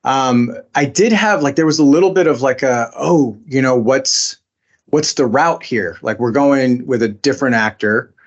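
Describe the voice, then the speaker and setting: A man's voice: mid-range voice, normal speed, dull audio. A man being interviewed as a voice actor, talking casually with many fillers and restarts. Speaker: voice actor guest.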